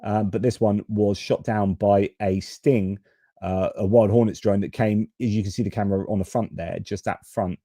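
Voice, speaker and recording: A man's voice: fairly low pitch, steady tone, moderate pace, mellow, dry recording, studio quality. A man hosting a live-stream news commentary, frank and exasperated, with casual swearing. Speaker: host.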